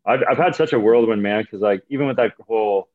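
A man's voice: fairly low pitch, quick pace, phone-quality sound. A young man, a comedian telling rambling, profane stories in a casual podcast chat. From Canada. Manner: rambling, profane, animated storytelling. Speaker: comedian guest.

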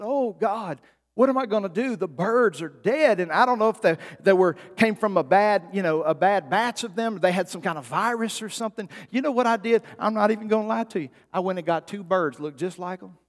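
A man's voice: sits high, fairly quick, hardly any pauses, big-room sound. A man preaching a sermon as pastor, telling stories and building to emphatic peaks. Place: church sanctuary.

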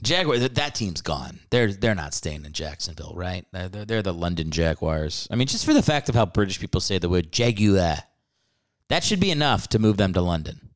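A man hosting a comedy podcast with a smooth, resonant voice. His pitch swings widely as he rants about sports, swearing freely and breaking into laughter often. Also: big pitch swings, brisk. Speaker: podcast host. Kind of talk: casual comedic sports rant.

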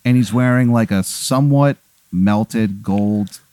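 A man's voice: on the low side, slow, darkish tone, no room sound, studio quality. A man narrating a comedic tabletop game as game master, rambling with fillers and crude jokes.

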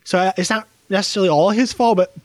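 Guy talking movies, lots of uhs and ums, kinda high voice, dry close sound. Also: fast, no room sound. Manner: hesitant, many fillers and restarts. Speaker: film podcast co-host. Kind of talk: casual film review chat.

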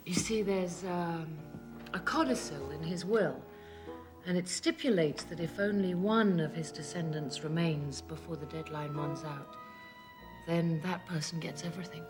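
An actress playing a scheming lawyer in a TV episode, speaking formally and measuredly. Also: female voice, lowish voice, unhurried, natural voice. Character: scheming woman lawyer handling a will. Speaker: family lawyer. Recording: TV episode clip with music underneath.

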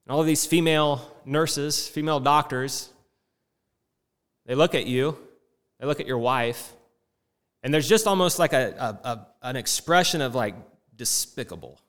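A man's voice: mid-range voice, moderate pace, a bit bright. A middle-aged man preaching a sermon with impassioned, rising and falling delivery. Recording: long reverb in a hall.

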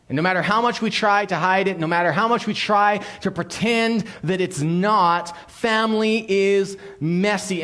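High-voiced storytelling pastor. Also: male voice, a bit bright. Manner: storytelling with quick restarts and playful character quotes. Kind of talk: sermon.

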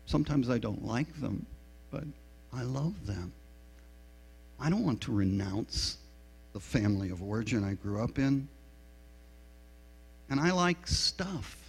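A middle-aged male pastor preaches slowly and deliberately, with a gravelly, husky voice. He tells stories in a frank, self-deprecating, confessional way. The sound rings in a long church reverb, with a low mains hum underneath. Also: animated. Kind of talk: sermon. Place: church sanctuary.

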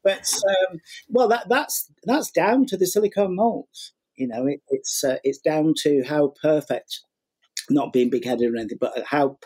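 A man's voice: fairly high pitch, measured pace, a little mellow, breathy edge. A middle-aged man telling a long story in a casual interview, rambling with fillers and acting out what people said. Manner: rambling, many fillers and repeats, acts out quotes. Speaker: guest, sugar flower artist and teacher.

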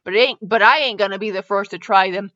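A woman's voice: medium pitch, quick pace, fairly bright tone, lightly acted. A woman putting on a cheeky, wisecracking male servant who talks in folksy slang. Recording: dull lo-fi recording.

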